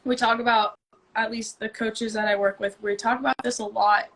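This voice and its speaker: A woman's voice: on the high side, level tone, a little fast, a bit bright. A woman co-hosting a casual live-stream chat, talking earnestly and thinking aloud as she coaches a kids' team. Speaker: co-host and youth basketball coach.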